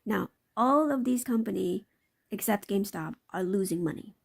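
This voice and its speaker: A woman's voice: medium pitch, lively intonation, normal speed, gravelly, breathy edge. A woman hosting a live stream, commenting on market clips in a loose, repetitive way and often tagging her points with a question. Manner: talks in a loose, repetitive way with frequent tag questions. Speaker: livestream host.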